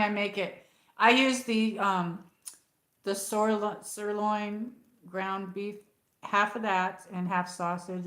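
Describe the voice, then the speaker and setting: A woman's voice: medium pitch, fairly bright tone. A middle-aged American woman chatting casually on her livestream, rambling and reading viewer comments aloud. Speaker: livestream host. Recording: echoey room.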